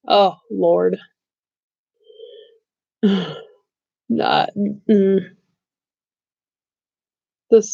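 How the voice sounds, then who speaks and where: A woman's voice: mid-range voice, a little mellow, dry recording, muffled recording. A middle-aged woman chatting casually on a live stream, blunt and rambling, laughing often and saying she has no filter. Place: bedroom at home.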